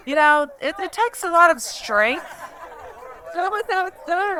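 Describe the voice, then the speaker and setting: A woman giving a eulogy at a memorial, telling a personal story in a halting, emotional way and laughing through it. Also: sits high, lively intonation, bright, forceful tone, a faint crowd. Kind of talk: memorial speech, personal anecdote. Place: memorial gathering.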